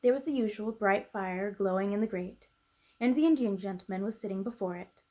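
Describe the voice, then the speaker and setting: A woman reading a children's storybook aloud as a storyteller, gentle and unhurried. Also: medium pitch.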